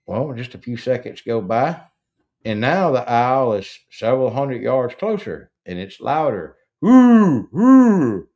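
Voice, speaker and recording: A man's voice: mid-range voice, lively intonation, unhurried, darkish tone, dull audio. A man telling a rambling, profane, folksy story in casual chat, with frequent stammered restarts. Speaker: podcast host.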